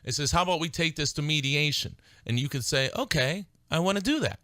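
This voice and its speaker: A middle-aged man hosts a legal advice radio program, pressing his points hard and repeating them for stress. His voice is bright and forceful. It is picked up close in a dry, dead studio. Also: on the high side, expressive, fairly quick, no echo. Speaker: radio show host and attorney. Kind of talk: call-in style legal advice radio talk.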